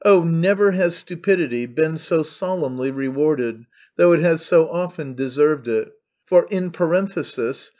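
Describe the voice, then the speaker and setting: A man voicing an excitable, pompous old male orator who declaims grandly and defiantly. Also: fairly high pitch, lo-fi sound, lightly acted.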